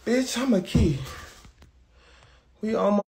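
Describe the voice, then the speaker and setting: A man with a high-pitched voice talks slowly over a lot of background noise. He's hosting a livestream, chatting with his viewers in a brash, profane, talkative way.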